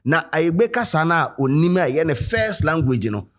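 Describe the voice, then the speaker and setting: A man's voice: on the high side, sing-song, normal speed. Ghanaian man hosting a commentary. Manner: switches between English and Twi, reads quotes aloud. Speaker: host. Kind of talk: commentary video.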